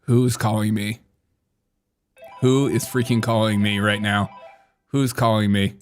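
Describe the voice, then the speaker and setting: A man's voice: lowish voice, flat delivery, a little slow, soft background music. A man hosting a comedic live stream, full of sarcastic, jokey asides. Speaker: host.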